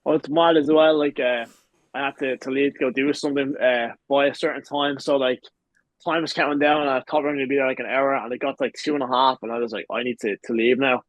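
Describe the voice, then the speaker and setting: A man's voice: mid-range voice, fairly even intonation, fast, no room sound, dull audio. A man in his twenties with an Irish accent, a podcast guest telling long rambling stories and swearing freely in casual chat. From Ireland. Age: 20s. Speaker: guest, pro wrestler.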